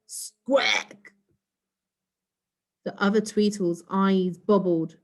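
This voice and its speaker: A woman reading a children's storybook aloud in an expressive, steady storytelling voice. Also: lowish voice, a little slow. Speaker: storybook reader.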